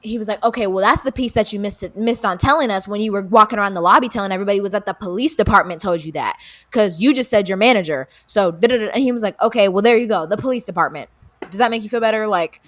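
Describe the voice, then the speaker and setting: Fast-talking young woman telling a story. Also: medium pitch. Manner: animated retelling, acts out quotes, frequent fillers and swearing. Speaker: podcast co-host. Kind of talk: casual storytelling.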